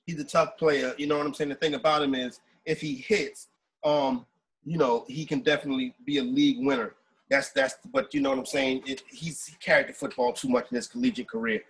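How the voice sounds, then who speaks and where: A man with a slightly husky, raised voice chats loosely about football bets on a sports podcast. He rambles along in a relaxed way and keeps checking in with his co-host. His talk sounds easygoing and conversational. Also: on the high side, a little fast, rough recording. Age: adult with kids. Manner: loose, rambling, says "you know what I'm saying" often. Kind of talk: casual sports betting chat.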